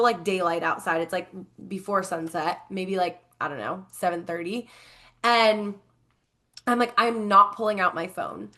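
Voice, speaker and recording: A young woman co-hosting a podcast, telling a story in a casual chatty way with lots of fillers and lively quoted voices. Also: mid-range voice. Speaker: podcast co-host.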